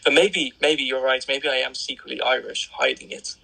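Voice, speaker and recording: A young man with an English accent, chatting as a guest in a blunt, joking, animated manner. His voice is gravelly and somewhat husky, with a bright, forceful edge. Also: medium pitch, normal speed, poor audio. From England. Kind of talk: casual interview chat.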